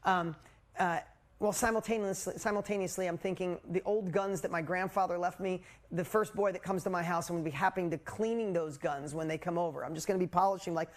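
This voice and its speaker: A man in his forties, a coach hosting a live group call, telling a personal story in a candid, animated way with casual swearing. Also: sits high, a little fast. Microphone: video call.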